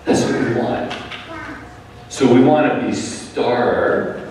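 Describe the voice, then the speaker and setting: A male pastor delivers a sermon at an unhurried pace, calm and measured, letting his voice fall quiet at times. He is heard from a distance in a large, echoing church hall with a faint room hum behind him. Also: medium pitch. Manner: calm, measured preaching with soft drops in volume. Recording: echoey hall, speaker far from the mic.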